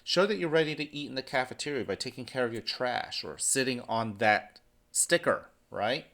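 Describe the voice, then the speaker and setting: A man's voice: mid-range voice, normal speed, a bit bright. A man who is a school principal, giving morning announcements and speaking encouragingly to students.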